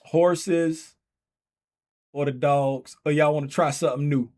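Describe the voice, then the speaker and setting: A man hosting a casual trading livestream, talking loosely and playfully straight to his chat, getting loud and excited as he calls a giveaway race. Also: fairly high pitch, a little slow.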